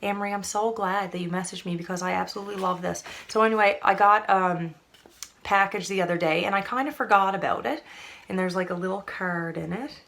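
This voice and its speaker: A woman's voice: mid-range voice, a little fast, vocal fry, a bit bright. A young woman from Canada, chatting to camera in a rambling, casual way full of fillers. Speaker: vlogger.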